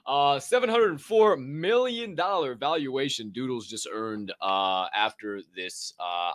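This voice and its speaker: A man's voice: lowish voice, dry recording, clean studio sound. Rambling, fired-up man host. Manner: animated, profane, rambling with many fillers. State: dry throat. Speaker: podcast host. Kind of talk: casual news commentary.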